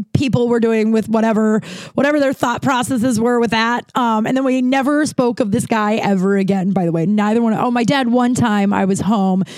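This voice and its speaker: A woman's voice: on the high side, no room sound. Rambling woman podcaster, dry close sound. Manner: rambling, animated, many fillers and restarts. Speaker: podcast host telling a personal story. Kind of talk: casual storytelling monologue.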